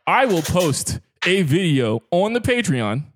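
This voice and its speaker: A man hosting a podcast, teasing his friends in an energetic, laughing way. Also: sits high, unhurried, a little hiss or hum. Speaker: podcast host. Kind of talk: casual chat.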